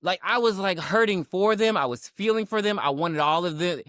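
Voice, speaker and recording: A man's voice: high-pitched, expressive, normal speed, fairly bright tone, dry recording, studio quality. A man guesting on a podcast in casual chat, talking expressively, laughing often and trailing off mid-sentence. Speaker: guest co-host.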